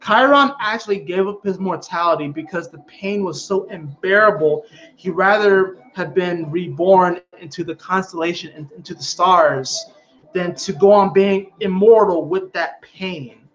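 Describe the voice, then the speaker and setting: A man talking casually to his viewers about astrology in an animated, emphatic way, often swearing. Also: sits high, a little slow, highs cut off. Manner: animated, emphatic, frequently profane. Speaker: astrology vlogger. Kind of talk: casual spiritual chat to viewers.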